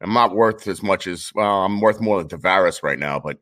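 Brash New York man, low voice. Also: moderate pace, fairly bright tone. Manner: brash, joking, rambling storyteller. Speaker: guest collector. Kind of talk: casual chat.

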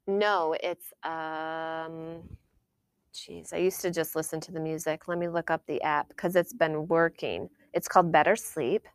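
A woman co-hosting a casual chat podcast, chatty and quick to giggle and joke. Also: low-pitched, fairly even intonation, smooth, no room sound. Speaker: podcast co-host.

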